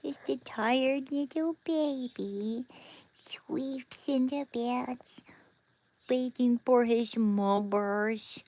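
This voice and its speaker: A woman putting on a cooing baby-talk voice for a sleepy pet, breathy and raised in pitch, drawn out slowly. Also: warm tone. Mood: doting.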